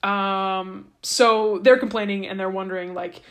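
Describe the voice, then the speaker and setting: A woman casually retelling an old story on a podcast. Her voice sits at an ordinary middle pitch. She keeps it playful and jokey, tossing in slangy asides as she goes. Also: fairly even intonation, a little slow, fairly bright tone. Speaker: podcast host.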